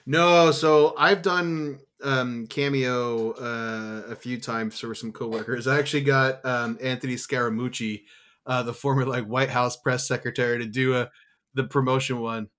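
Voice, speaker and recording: A man hosts a loose, casual podcast conversation. He talks at an easy middle pitch, swears without a second thought and pads his sentences with plenty of fillers. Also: unhurried. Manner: relaxed, swears freely, many fillers. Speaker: podcast host. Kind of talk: casual chat.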